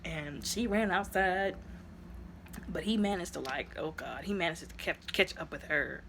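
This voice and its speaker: A woman's voice: lowish voice, unhurried, fairly bright tone, a little hiss or hum. A woman reviewing a movie in a casual, chatty retelling, full of fillers, who acts out the characters' lines.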